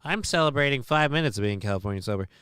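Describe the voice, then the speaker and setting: A man's voice: medium pitch, expressive, racing, a bit bright, smooth, dry recording, clean studio sound. A man hosting a livestream show, chatting casually with a profane, sarcastic, rambling manner.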